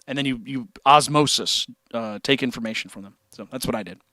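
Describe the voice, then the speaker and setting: A man hosting a livestream who chats casually with his viewers and reads out their comments. He talks in an animated, joking way and swears freely. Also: medium pitch, brisk, no echo, studio quality. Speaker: livestream host and guitarist.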